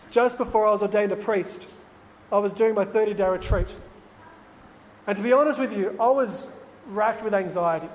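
A man who is a priest, telling an earnest, confiding personal story to lay people. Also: high voice. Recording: faint noise, long hall reverb.

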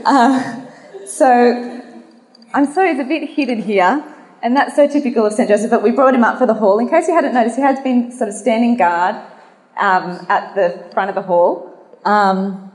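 A woman's voice: medium pitch, darkish tone. Woman, faith talk and prayer, fillers, roomy hall sound. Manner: earnest, nervous, many fillers. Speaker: guest speaker. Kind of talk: religious talk with spoken prayer. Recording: echoey hall.

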